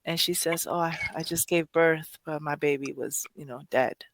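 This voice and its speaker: A woman's voice: deep voice, steady tone, normal speed, dry recording. A woman hosting a poetry podcast, speaking emotionally in casual chat, rambling with many restarts and self-corrections. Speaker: poetry show host.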